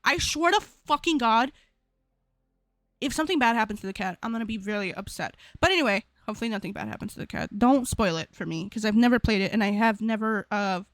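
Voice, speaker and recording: A woman's voice: on the high side, lively intonation, quick pace, no room sound. A young woman streamer chatting casually at the end of a stream, rambling and repeating herself as she talks to her chat.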